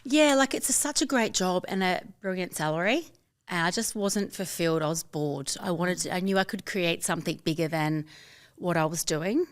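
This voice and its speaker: Chatty Australian woman, lowish voice. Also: moderate pace. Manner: upbeat, chatty, quotes herself and others. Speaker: guest, fashion label founder. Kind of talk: casual interview chat.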